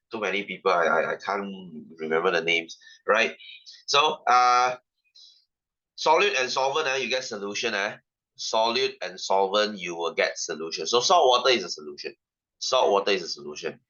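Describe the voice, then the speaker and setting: Brief: young Malaysian man, online science tutor, low and bright, dull lo-fi audio, chatty and repetitive. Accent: Malaysian English. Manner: chatty, repeats lines, checks in with students. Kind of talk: casual online science lesson.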